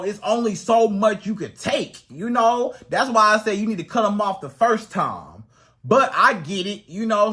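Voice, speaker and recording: A man's voice: high-pitched, bright, forceful tone. A man giving dating advice straight to the audience in an emphatic, repetitive way. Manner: emphatic, repetitive, acts out quoted women's voices. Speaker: dating coach. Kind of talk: direct-to-camera advice monologue.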